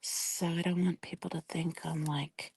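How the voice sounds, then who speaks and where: A woman with a hoarse, fading voice, talking softly and often half-whispering during a casual livestream while she paints at her home desk, tearful and grieving. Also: low-pitched, level tone, a little slow.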